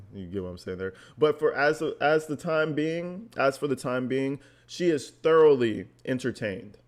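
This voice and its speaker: A male vlogger reads text messages aloud and reacts with blunt, sarcastic remarks, swearing freely. His voice sits at an ordinary mid pitch. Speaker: commentary vlogger.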